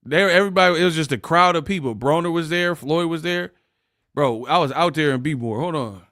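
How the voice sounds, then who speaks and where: A man's voice: fairly high pitch, a little fast, a bit bright, no echo, clean studio sound. A man hosting a casual boxing livestream, laughing often and trash-talking his chat readers.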